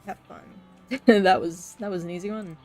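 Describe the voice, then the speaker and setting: A woman's voice: fairly low pitch, steady tone, moderate pace, darkish tone, faint music behind. A young woman streaming a video game, chatting to herself and giggling as she plays. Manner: giggly, talks to herself while playing. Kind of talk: casual let's play commentary. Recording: faint background noise.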